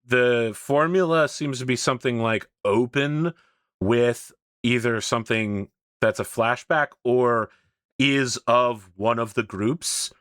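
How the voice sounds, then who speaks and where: Animated, swearing podcast host, dry sound. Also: male voice, medium pitch, no echo. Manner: animated, laughs often, swears freely. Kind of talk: casual chat.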